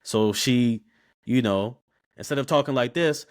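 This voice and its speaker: Animated young man. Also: medium pitch, measured pace. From Baltimore, USA. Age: 20s. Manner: animated, slangy, repeats words when starting sentences. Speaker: podcast guest, barber. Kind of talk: casual interview storytelling.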